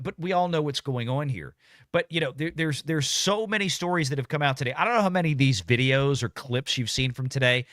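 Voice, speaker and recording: A man hosting a live political talk show who talks casually and rambles through his points, often restarting his sentences. His pitch moves in a lively way. His tone is bright, and the sound is dry and close. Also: no room sound. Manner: rambling, frequent restarts, laughs easily.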